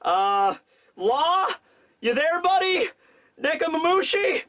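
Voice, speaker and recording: A man voicing a frantic middle-aged samurai leader, calling out in a panic and pleading, close to shouting. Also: extremely high pitch, big pitch swings, takes it slowly, voice pushed up, exaggerated voice. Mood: panicked.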